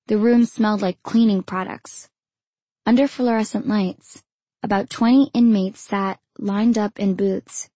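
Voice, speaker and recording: A woman narrating her own memoir in the first person, in a measured, intimate storytelling manner. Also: mid-range voice, fairly even intonation, warm tone, no room sound.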